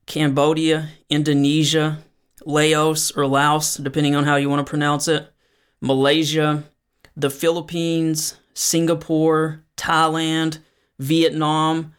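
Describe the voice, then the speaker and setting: Male podcast host, slightly higher voice, monotone commentary delivery. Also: a little slow, clean tone. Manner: explanatory, conversational, frequent fillers. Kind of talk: solo news commentary podcast.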